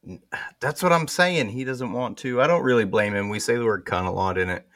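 A man's voice: mid-range voice, fairly quick, fairly bright tone, dry recording, clean studio sound. A man hosting a podcast in casual chat, joking and laughing often. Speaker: podcast host.

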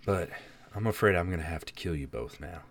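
A man voicing a male demon dealmaker who speaks low and quietly with calm menace. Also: a little fast. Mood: coldly polite.

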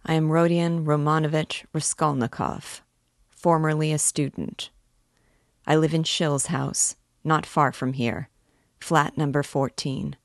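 A woman's voice: low voice, fairly even intonation, dry recording, clean studio sound. A woman reading a lazy, dreamy young man. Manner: slow, lazy, dreamy delivery. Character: listless dreamy young male former student.

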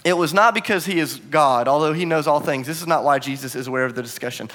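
A pastor delivers a sermon in a fairly high-pitched man's voice. He preaches with animation, acting out the quoted lines and raising his voice for them. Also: fast, a bit bright. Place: bar used as church venue.

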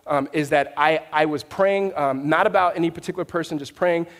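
A man preaching a sermon with a fairly high voice, his words carrying a long reverb through a church hall. He talks conversationally, with fillers and restarts, and presses his points with emphasis. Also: fairly quick. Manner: rising to an emphatic, raised voice. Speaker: pastor.

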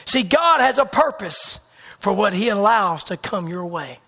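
High-voiced fervent male preacher. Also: big pitch swings, unhurried, creaky. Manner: swings from loud fervor to hushed whispers; repetitive, emphatic preaching cadence. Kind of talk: sermon.

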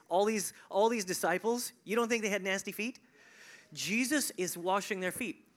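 A man preaches a sermon in a conversational, animated way. He builds to emphatic, loud peaks, then drops to hushed, nearly whispered lines, with chuckles and quick asides along the way. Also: high-pitched. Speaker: pastor.

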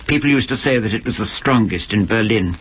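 A man reading aloud from his own book in a dry, measured storytelling manner. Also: lowish voice, lively intonation. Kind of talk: literary reading. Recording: lo-fi archival recording with faint hiss.

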